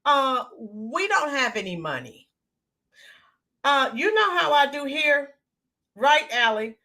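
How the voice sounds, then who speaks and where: High-pitched and slow, with big swings in pitch, this American woman chats casually on her livestream. She greets viewers by name, uses plenty of filler "ums," and sounds a bit hoarse from screaming yesterday.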